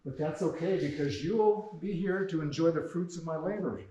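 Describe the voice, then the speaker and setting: A man's voice: fairly high pitch, moderate pace, dark tone, slight background noise, close to an everyday voice. A man reading the lines of a hapless, well-meaning old grandfather in a mild, apologetic way. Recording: very echoey room heard from far off.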